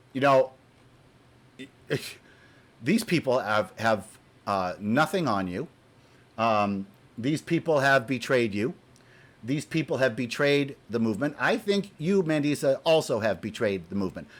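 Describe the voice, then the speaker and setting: A man giving a heated, profane opinion rant to camera. He is exasperated, repeats himself when worked up, and swings between loud outbursts and muttered asides. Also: medium pitch. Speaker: video blogger.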